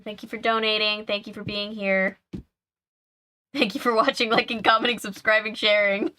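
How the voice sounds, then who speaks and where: A woman's voice: medium pitch, level tone, normal speed, pushed and bright. A woman hosting a live game stream, chatting casually, laughing often and answering her chat aloud.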